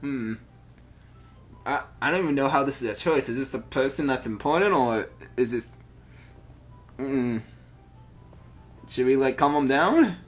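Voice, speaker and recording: A man's voice: medium pitch, animated, unhurried, pauses often, faint music behind. A man reading a text adventure game aloud, stumbling over words and adding joking asides.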